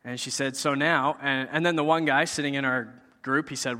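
Bright-voiced man in a reverberant hall. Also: medium pitch, steady tone, normal speed. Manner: conversational, acts out his own quoted lines. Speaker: speaker sharing a personal testimony. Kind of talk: casual personal testimony storytelling.

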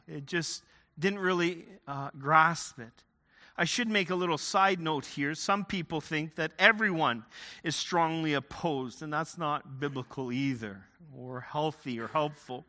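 Bright-voiced man preaching in a reverberant hall. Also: on the high side, measured pace. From Ontario, Canada. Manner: conversational, with frequent restarts. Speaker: pastor. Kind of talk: sermon with personal storytelling.

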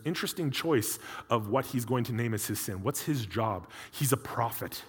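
A man's voice: medium pitch, animated, normal speed, hardly any pauses, breathy edge. A man preaching a sermon in a conversational way, with humorous personal asides, in a church. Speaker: pastor. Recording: long hall reverb.

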